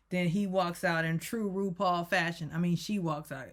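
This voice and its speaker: A woman's voice: lowish voice, steady tone, moderate pace, music in the background. A woman YouTuber giving a casual, rambling recap rant and often correcting herself. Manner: rambling, self-correcting, chatty. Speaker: YouTube reviewer.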